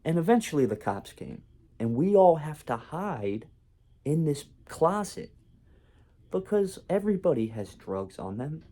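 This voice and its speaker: A man's voice: medium pitch, dark tone. A man telling a casual, rambling story in a vlog, full of fillers and restarts. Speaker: vlogger.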